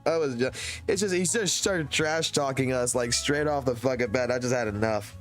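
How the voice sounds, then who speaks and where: A man in his thirties, speaking at an ordinary middle pitch, spins a long rambling story for his live stream viewers, with swearing in almost every line. Faint music plays underneath. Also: moderate pace, fairly bright tone. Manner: profane, rambling anecdote-telling.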